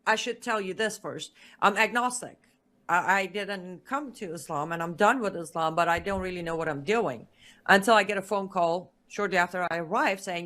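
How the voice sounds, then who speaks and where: A woman guest in an interview, telling a personal story in a lively way and acting out the dialogue she quotes. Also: fairly low pitch, fairly quick. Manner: lively narrator who acts out quoted dialogue.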